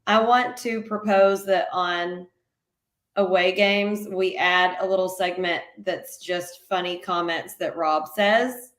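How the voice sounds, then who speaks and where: A woman co-hosting a casual sports podcast, telling stories in an animated way. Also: lowish voice, slow, reverberant. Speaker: podcast co-host.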